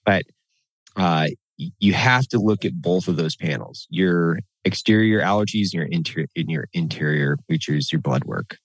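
A man with a lowish voice talks in a loose, opinionated way and swears freely. He gets lively when he rants, and the recording is dry and close. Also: moderate pace, dry recording. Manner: blunt, profane, animated when ranting. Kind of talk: casual chat.

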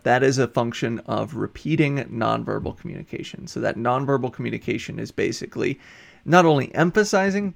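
A man's voice: mid-range voice, gravelly. A man who is a college instructor, giving a recorded lecture and explaining ideas step by step with examples, now and then correcting himself mid-word. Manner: explanatory, steady, gives worked examples. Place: recorded for an online course video.

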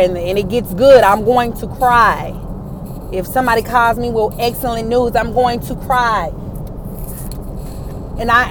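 Her voice sits a little high, and there's noise behind her. Hosting an inspirational faith talk, this woman rallies her audience of viewers and listeners with emphatic, repeated phrases.

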